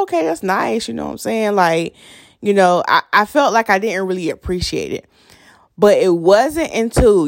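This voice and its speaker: A young woman, hosting a podcast and telling a story in a chatty, animated way. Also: fairly low pitch, dry recording, studio quality. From North Carolina. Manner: chatty, animated, addresses listeners as y'all. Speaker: podcast host. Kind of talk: casual storytelling monologue.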